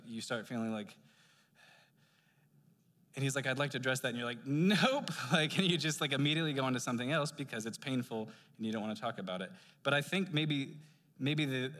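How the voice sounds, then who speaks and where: A male pastor preaches in a loose, chatty way, often breaking off into asides. His voice is bright, with sharp, hissing s sounds. A long reverb from the church hall trails after each phrase. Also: mid-range voice. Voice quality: heavy sibilant s sounds. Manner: conversational, animated preaching with asides. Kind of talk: sermon. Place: church sanctuary.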